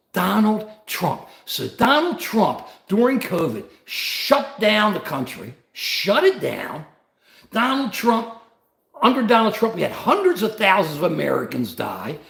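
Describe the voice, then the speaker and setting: An emotional man hosts a livestream, talking back to viewers by name and pushing his points again and again, sometimes at a yell. His voice sits high and swings widely, with a gravelly rasp. The sound bounces around a roomy space. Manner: emphatic, repetitive, answers chat viewers by name; yelling at times. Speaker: livestream host. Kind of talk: impassioned political livestream rant. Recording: roomy echo.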